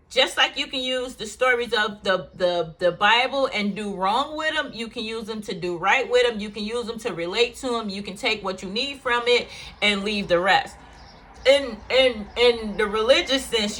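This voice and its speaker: A woman speaks straight to her viewers with a bright, forceful tone, recounting something personal. She talks candidly and emotionally, circling back with fillers as she goes. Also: mid-range voice. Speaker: vlogger. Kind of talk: personal storytelling to camera.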